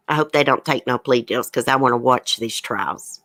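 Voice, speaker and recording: A woman's voice: very deep voice, moderate pace, hardly any pauses, fairly bright tone, no echo. A woman hosting a true crime commentary livestream, reading news items aloud and giving blunt opinions to her chat viewers. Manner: reads news aloud, then gives blunt outspoken opinions. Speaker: livestream host.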